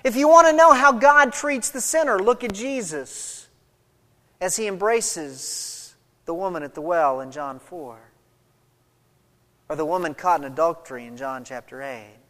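A woman pastor preaching a sermon verse by verse, swinging between loud emphatic stretches and quiet low passages. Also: measured pace. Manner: expository, walks through a scripture passage verse by verse. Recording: long hall reverb.

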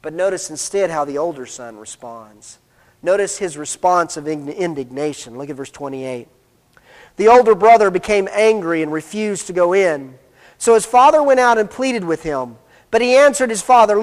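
Casting note: high-pitched male pastor with a cold, emphatic sermon delivery, long hall reverb. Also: lively intonation, normal speed. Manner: emphatic, repeats "notice" to stress points. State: has a cold, coughing.

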